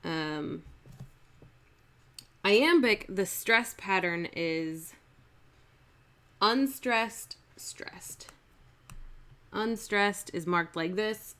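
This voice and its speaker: Female teacher, lower pitch, slow and explanatory, live-stream lesson. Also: fairly bright tone, smooth. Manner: unhurried, explanatory, with fillers and restarts. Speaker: acting teacher.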